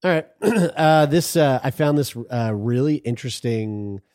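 A man's voice: medium pitch, measured pace, no room sound, clean studio sound. A man co-hosting a casual podcast, reading items aloud in a crude, joking manner. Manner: animated, crude, laughs while reading. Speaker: podcast co-host.

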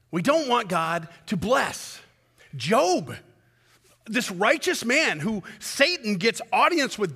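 A man preaching a sermon as pastor, swinging from loud emphatic peaks down to low, intimate pleading. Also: big-room sound. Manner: impassioned, rising to loud peaks then dropping low and intimate.

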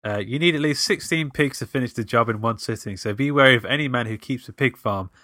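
A man's voice: medium pitch, fast, pushed and bright, no room sound, clean studio sound. A man co-hosting a casual podcast, running a playful movie-quote quiz and laughing often. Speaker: podcast co-host. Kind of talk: casual chat, quiz game.

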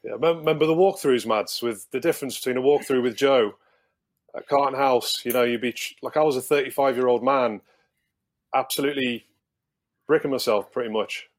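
A man's voice: medium pitch, brisk. Rambling man telling dressing-room stories. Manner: rambling, repeats words, laughs at own anecdotes. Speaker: guest. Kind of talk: casual storytelling.

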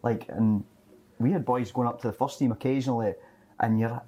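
A man's voice: medium pitch, a little fast, slightly rough, muffled recording. Scottish man who keeps saying "eh". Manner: relaxed, ends lines with "eh". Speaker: former footballer guest. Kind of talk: casual chat.

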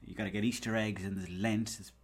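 A man's voice: on the low side, steady tone, quick pace. An Irish man hosting a podcast, rambling through a comic story, swearing and acting out bits of dialogue. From Ireland. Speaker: podcast host. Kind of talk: casual comedic monologue.

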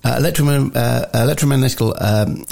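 A man co-hosting a podcast, halting and full of fillers, with cheeky interjections. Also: medium pitch, vocal fry, darkish tone. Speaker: podcast co-host. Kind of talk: casual chat.

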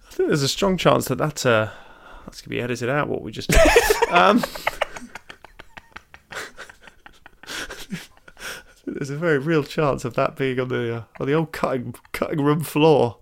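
A man's voice: mid-range voice, lively intonation, unhurried, vocal fry, long pauses, a bit bright, slight background noise. A man co-hosting a comedy podcast, casually reading out an article and joking around. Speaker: podcast co-host.

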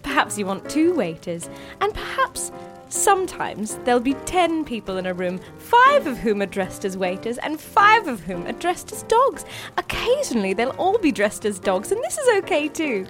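A high-voiced woman tells a mock-solemn bedtime-style story. Her pitch leaps and swoops all over the place. Faint music plays behind her. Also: big pitch swings, moderate pace, a bit bright. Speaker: storyteller mother. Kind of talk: improvised comic storytelling.

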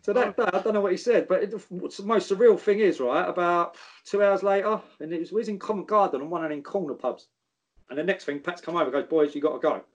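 A man's voice: sits high, fast talker, muffled recording. A man, a former footballer telling stories in casual chat, swearing freely and calling people mate. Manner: laddish, swears freely, says mate and geezer.

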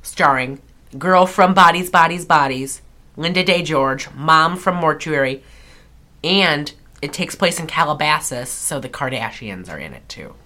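A woman's voice: sits low, expressive, unhurried, pushed and bright. A woman co-hosting a podcast, joking and teasing in a casual movie-recap chat. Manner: joking, teasing, breaks into celebrity impressions. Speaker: podcast co-host.

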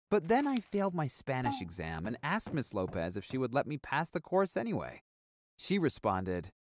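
Wry, animated male storyteller. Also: mid-range voice, normal speed, no room sound. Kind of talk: scripted story narration.

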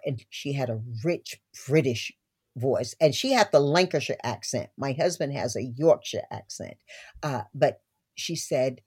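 Expressive older woman telling stories. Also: rumbling low, slightly rough. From Southern United States. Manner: expressive, laughing storyteller, warm asides. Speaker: guest. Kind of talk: storytelling interview talk.

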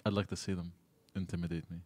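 A man's voice: sits low, level tone, fast talker, darkish tone, no echo. A man co-hosting a podcast, bantering in a blunt, tough-talking way. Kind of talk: casual chat.

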